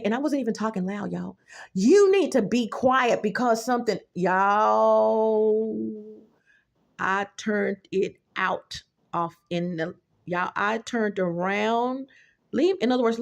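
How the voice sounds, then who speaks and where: A woman's voice: medium pitch, creaky. A middle-aged woman giving blunt, profane reaction commentary on a vlog, telling stories straight to her viewers. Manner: blunt, profane, storytelling, addresses viewers directly. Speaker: YouTube commentator.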